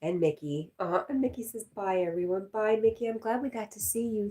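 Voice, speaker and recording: A woman's voice: medium pitch, a little fast, mellow. A woman hosting a casual live stream, reading viewer comments aloud and chatting with a laugh.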